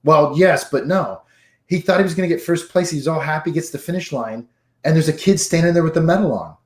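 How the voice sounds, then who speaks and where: A man's voice: on the high side, brisk, a little mellow. Laid-back storytelling man, roomy sound. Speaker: podcast co-host. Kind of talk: casual chat.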